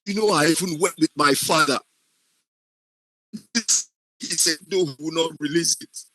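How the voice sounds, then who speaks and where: A man's voice: on the high side, a little slow, pushed and bright, no room sound, full character voice, poor audio. A man voicing a desperate, exhausted man who weeps and pleads as his voice breaks. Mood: sobbing despair. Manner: sobbing, breaking voice.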